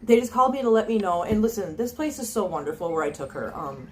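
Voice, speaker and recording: Speaking fast and expressively at medium pitch, a woman who runs a cat channel vlogs casually to viewers on her phone camera, with slight noise in the background. Her chatter is earnest and full of ums and restarts.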